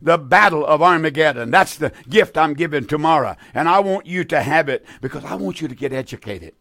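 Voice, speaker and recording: A man's voice: fairly high pitch, lively intonation, fairly quick, vocal fry, a bit bright, dry recording. A man in his eighties hosting a call-in radio program, preaching earnestly with many restarts and repeated words. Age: 80s.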